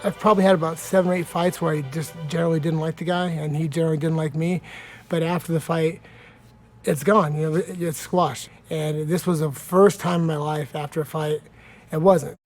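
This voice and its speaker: A man's voice: fairly high pitch, steady tone, a little fast, darkish tone. A man, a fighter, telling a story in an interview in a blunt, profane way. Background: music bed.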